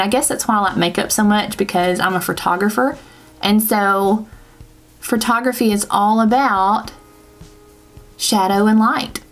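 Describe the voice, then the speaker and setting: Chatty Southern woman doing a makeup tutorial. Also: medium pitch. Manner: chatty, rambling, self-correcting with laughs. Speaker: beauty vlogger.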